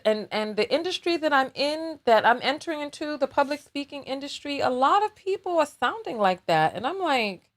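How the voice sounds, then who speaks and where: A woman talking casually and emotionally on a livestream, repeating herself and thanking viewers. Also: sits high. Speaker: vlogger and aspiring public speaker.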